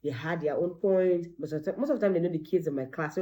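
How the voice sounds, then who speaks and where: A middle-aged woman, a teacher and mother, giving animated parenting advice and acting out bits of dialogue. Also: fairly low pitch, quick pace. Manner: animated, acts out quoted dialogue.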